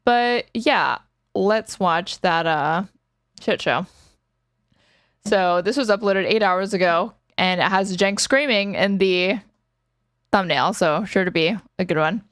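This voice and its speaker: A woman hosts a live stream, tossing out sarcastic, profane asides between news clips. Her voice is clear and smooth. The recording is close and dry. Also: mid-range voice, slow, fairly bright tone, no echo. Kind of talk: casual live-stream commentary.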